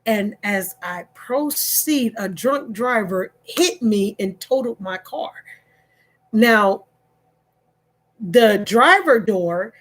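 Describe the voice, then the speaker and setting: A woman telling a story to her livestream viewers in an animated way, repeating phrases and checking in with them. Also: medium pitch, takes it slowly. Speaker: online storyteller.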